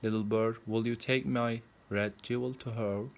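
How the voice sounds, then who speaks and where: A man's voice: mid-range voice, steady tone, normal speed, creaky, lightly acted. A man voicing a sorrowful male statue prince in a plainly read storybook.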